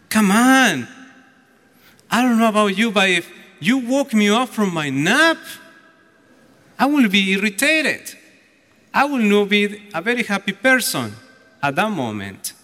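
A man's voice: sits high, sing-song, a little slow, bright, forceful tone. A man preaching a homily as a deacon, telling the story animatedly and acting out the voices. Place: church. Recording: echoey church hall.

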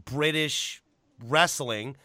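A man co-hosting a casual chat about wrestling, animated and profane. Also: a little high, very slow, dry recording. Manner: animated, profane, breaks into impressions. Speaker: podcast co-host.

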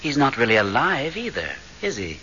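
An actor in a vintage radio drama, playing a sly male ghost from beyond who speaks in a slow, insinuating way. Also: medium pitch, huge pitch swings, sharp tone, slight background noise. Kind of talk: 1970s radio drama acting. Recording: dull old radio recording.

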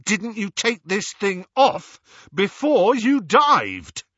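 A man's voice: mid-range voice, huge pitch swings, normal speed, pushed and bright, slightly rough, dry recording, muffled recording, heavily acted. A man doing a blunt, breathless young man. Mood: shouting.

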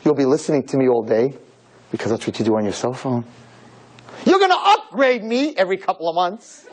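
A man's voice: a little high, sing-song, brisk. A man voicing an earnest little boy. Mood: pleading. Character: small boy pleading with his father.

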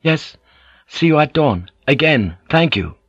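A man's voice: fairly high pitch, very animated, measured pace, fairly bright tone, slightly rough, dry recording, voice pushed up, exaggerated voice. A man voicing a tense, stern male samurai officer who speaks in a clipped, insistent way. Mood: friendly. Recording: dull lo-fi audiobook recording.

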